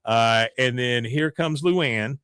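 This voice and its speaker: A man's voice: mid-range voice, slow, a bit bright, smooth, no echo, studio quality. A man hosting a podcast, casually recapping an episode in a chatty, storytelling way. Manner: chatty storytelling with frequent fillers. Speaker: podcast host.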